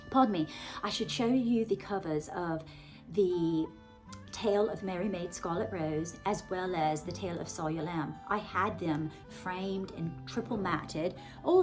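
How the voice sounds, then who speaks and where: A woman's voice: lowish voice, a little mellow. Gushing American woman with a put-on British polish. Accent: American Southern with a put-on British RP polish. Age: 40s. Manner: gushing, effusive, chatty with many fillers. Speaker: author and vlogger. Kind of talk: rambling casual monologue to viewers.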